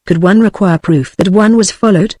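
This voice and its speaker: A woman's voice: medium pitch, normal speed, dry recording. Dry synthetic British woman narrator. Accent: British English. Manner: even, uninflected reading that voices every character alike. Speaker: audiobook reader.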